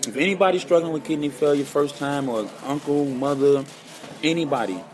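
A man's voice: on the high side, a little fast, slight background noise. A man telling stories in a podcast interview, acting out the voices of the people he quotes. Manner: animated storyteller, acts out quoted voices. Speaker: guest guitarist.

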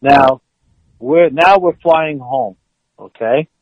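Older male guest and storyteller, animated, acts out the quotes, dull and dry audio. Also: medium pitch, slow, dry recording. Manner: excitable, acts out quotes, laughs mid-story. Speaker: former football player, guest.

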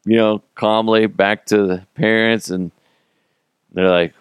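A man's voice: fairly low pitch, steady tone, slow pace, clear, resonant tone, no room sound, studio quality. A man in his thirties hosting a casual podcast, telling rambling, self-mocking stories, acting out quotes and swearing. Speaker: podcast host.

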